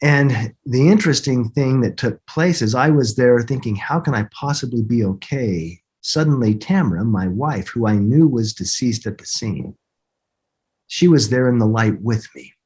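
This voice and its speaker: A middle-aged man with a husky voice, recounting a personal story as a podcast guest in an earnest, halting way with many restarts. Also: mid-range voice, expressive, a little mellow.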